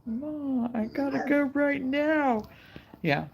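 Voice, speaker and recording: Gravelly-voiced woman chatting and cooing at her dog. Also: sits high, slow pace, dull audio, background noise. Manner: chatty, coos at her dog in baby talk. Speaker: crochet vlog host. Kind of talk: casual chat while crocheting.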